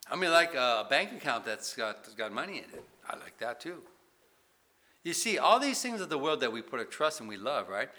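A man preaching a sermon, asking the congregation many questions and swinging between loud emphasis and hushed passages. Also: medium pitch, very animated, a little fast. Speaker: pastor.

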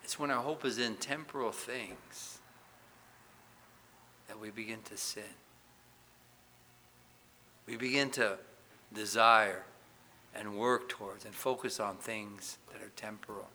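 A man's voice: on the low side, fairly even intonation, slow pace, long pauses, a little hiss or hum. A man preaching a sermon as pastor, asking the congregation questions and reading Scripture aloud with rising force. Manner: emphatic preaching, rising loud on questions and Bible quotes.

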